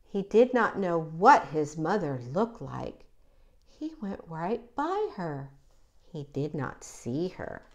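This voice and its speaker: A woman reading a children's picture book aloud, with an expressive, animated delivery. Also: lowish voice, slow, highs cut off. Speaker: children's story reader. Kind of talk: read-aloud storytelling.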